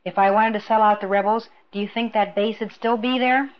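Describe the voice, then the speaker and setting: A woman's voice: mid-range voice, fairly even intonation, normal speed, natural voice. A woman doing a sly, smug old woman. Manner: mocking, knowing, sly. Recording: dull lo-fi recording.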